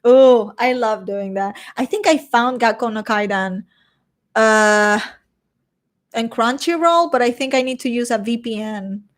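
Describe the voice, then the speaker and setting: A woman's voice: a little high, a little slow. A young woman with a Venezuelan accent, chatting casually as she reads viewer questions aloud and answers them. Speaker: streamer reading chat. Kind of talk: casual chat.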